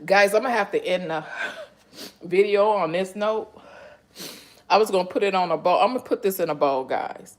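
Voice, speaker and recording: A woman hosting a live cooking stream from her home kitchen. She talks to her viewers in an emotional way and breaks into breathy exclamations. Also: mid-range voice, moderate pace, long pauses. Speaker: cooking channel host.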